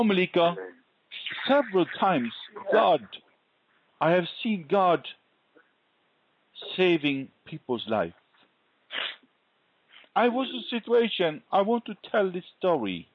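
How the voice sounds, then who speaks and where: A man sharing a faith testimony in an interview, telling his story earnestly and deliberately. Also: high voice, big pitch swings, no room sound. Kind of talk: conversational interview, personal testimony. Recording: dull lo-fi recording.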